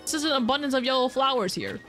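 A young woman streaming a video game, chatting, swearing, laughing and yelling at what happens on screen. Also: sits high, animated, quick pace, soft background music. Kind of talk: live gameplay commentary.

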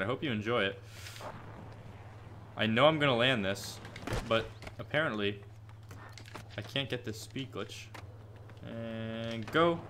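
An 18-year-old man live-streaming gameplay and answering chat questions, chatty and prone to excited, frustrated yelps. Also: mid-range voice, slight background noise. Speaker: gaming streamer. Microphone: headset with headphones.

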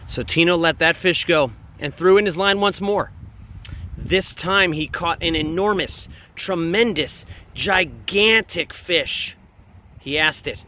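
A man's voice: on the high side, slow, bright, forceful tone, a little hiss or hum. A man reading a picture book aloud, drawing out the big words for dramatic emphasis. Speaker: reader. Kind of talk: storybook read-aloud.

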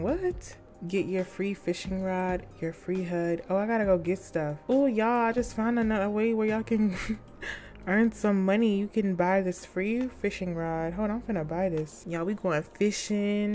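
Chatty, excitable young woman gaming vlogger. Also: on the low side. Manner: chatty and excitable, slangy, addresses viewers as y'all. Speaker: gaming YouTuber. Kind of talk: casual game commentary.

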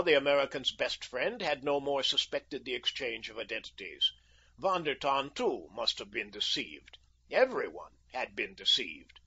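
A man narrating a story in an even, measured way, on a dull lo-fi recording. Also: mid-range voice, husky. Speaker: audiobook narrator. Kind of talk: scripted narration. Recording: dull lo-fi audio.

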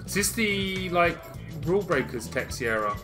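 A man playing a football video game with a friend, exasperated and animated, bursting into loud outbursts at the play. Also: high-pitched, measured pace. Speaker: gaming co-player. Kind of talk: excitable casual gaming banter. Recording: game music playing behind.

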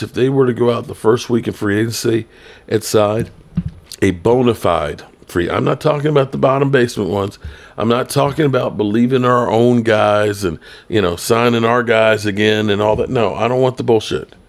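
A man's voice: medium pitch, normal speed. A middle-aged man hosting a sports podcast, giving blunt, rambling commentary in a tired late-night way. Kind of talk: casual solo commentary.

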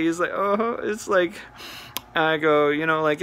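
A man retelling a prank phone call as comedic storytelling, animated and acting out both sides. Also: fairly high pitch, measured pace, a little hiss or hum. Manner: animated, mimics voices while retelling.

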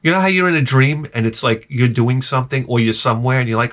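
Quick-paced and a bit bright, a man with a mid-range voice vlogs in a casual, rambling monologue. He meanders through wry stories packed with "like"s and restarts.

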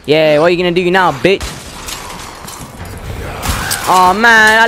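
Jumpy, cursing gamer. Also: male voice, sits high, takes it slowly, pauses often, over music. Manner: jittery, swearing, talking back to game characters. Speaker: gaming channel host. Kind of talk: horror game playthrough commentary.

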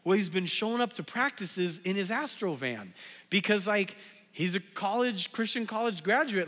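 Young male pastor, high bright voice, chatty storytelling sermon, lots of fillers. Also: lively intonation, moderate pace, in a large hall. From Southern California. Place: church sanctuary.

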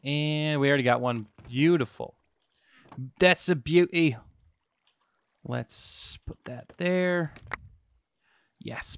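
A young man giving excitable, self-mocking let's-play commentary to his viewers as a gaming YouTuber. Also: mid-range voice.

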